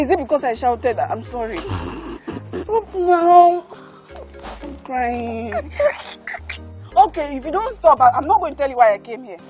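A woman's voice: high voice, a little mellow. A woman with a Nigerian English accent playing a devoted, pleading girlfriend in a film drama. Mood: soothing. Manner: pleading, emotional.

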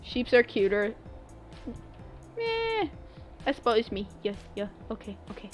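A woman's voice: medium pitch, steady tone, fairly quick, soft background music. A young woman streaming a game live, chatting playfully with her viewers while she plays. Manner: playful, chatty, talks to chat. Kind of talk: live gameplay commentary.

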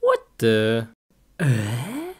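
Brief: low-pitched woman, very slow-paced, excitable skit performer who shrieks and giggles. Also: breathy edge. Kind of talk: acted comedy skit.

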